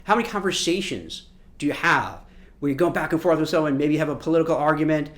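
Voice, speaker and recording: A man with a somewhat high voice that rises and falls widely coaches listeners in a relaxed way. He acts out small scenes, hums sound effects and often restarts his words. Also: fast talker. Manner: conversational, repeats words as he restarts. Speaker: career coach. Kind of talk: casual instructional talk.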